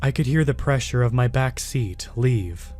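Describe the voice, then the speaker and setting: Guy reading a creepy story in first person, steady and even, soft music underneath. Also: medium pitch, unhurried. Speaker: horror story narrator.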